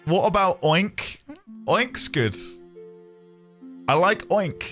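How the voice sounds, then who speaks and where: Playful animated man narrating gameplay. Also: sits high, drawn-out words, long pauses, soft background music. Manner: playful, joking, bursts of laughter. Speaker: streamer playing a game. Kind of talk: casual let's-play commentary.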